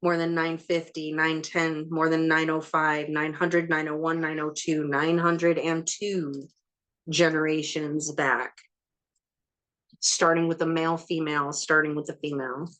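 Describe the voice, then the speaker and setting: A woman leading an ancestral healing session, calmly and methodically counting back through generations in a matter-of-fact way. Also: low voice, unhurried.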